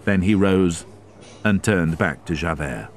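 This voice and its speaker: Male narrator, graded reader, very deep voice, slow careful pace. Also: lively intonation, soft background music. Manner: slow, careful, measured reading.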